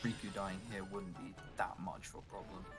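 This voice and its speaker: A man's voice: sits low, level tone, brisk. A man giving casual, joking commentary on a game speedrun and explaining its strategy. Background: game music.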